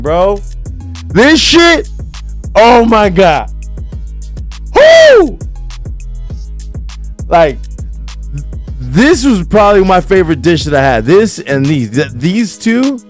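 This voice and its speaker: Lively, slow-talking man hosting a podcast. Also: fairly high pitch. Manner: enthusiastic, slangy and profane, with sudden whoops. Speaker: podcast host. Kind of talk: casual chat. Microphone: studio podcast mic.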